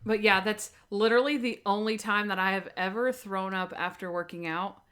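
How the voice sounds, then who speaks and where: A woman co-hosting a podcast, chatting casually and retelling scenes in animated bursts. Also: medium pitch, normal speed. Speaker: podcast co-host. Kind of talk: casual chat.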